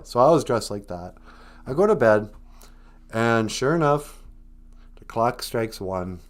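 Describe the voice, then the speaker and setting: A man hosting a livestream podcast, telling a rambling deadpan tall tale full of hesitations. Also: lowish voice. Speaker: podcast host. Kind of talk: comedic storytelling on a livestream.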